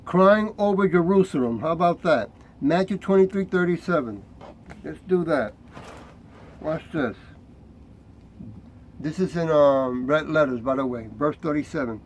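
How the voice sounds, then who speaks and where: A middle-aged man preaching and reading scripture, fiery and confrontational, reading verses slowly and deliberately, often tagging his points with "right?". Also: on the high side, lively intonation, slight background noise, rough recording.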